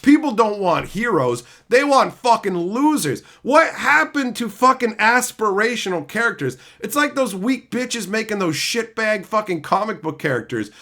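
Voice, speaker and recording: A man's voice: high voice, expressive, moderate pace, hardly any pauses. Furious, profane ranting man. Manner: profane, heated, mocking, shouting at times. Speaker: streamer host. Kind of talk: angry livestream rant, reading chat.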